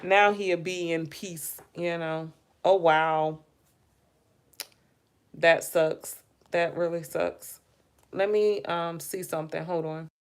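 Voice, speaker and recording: A woman hosting a relaxed livestream, her voice sitting a little low and her talk unhurried. She muses aloud about gossip, speaks straight to her viewers and yawns between thoughts. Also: clear, resonant tone. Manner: chatty, muses aloud, addresses viewers directly. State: yawning, tired. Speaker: livestream host. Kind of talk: casual live gossip commentary.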